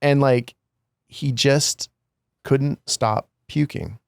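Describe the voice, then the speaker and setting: A middle-aged man from California co-hosts a podcast, his mid-pitched voice gravelly with vocal fry. He talks reflectively and rambles, trailing off mid-thought. The sound is dry and close. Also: fairly even intonation, extremely slow, dry recording. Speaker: podcast co-host. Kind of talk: casual conversation.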